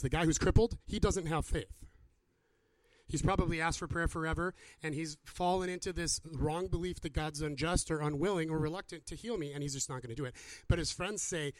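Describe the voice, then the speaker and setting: A man preaching and answering questions, animated and acting out the people he quotes. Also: fairly high pitch, dry recording. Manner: animated, acts out quoted voices. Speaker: pastor. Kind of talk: sermon with Q&A.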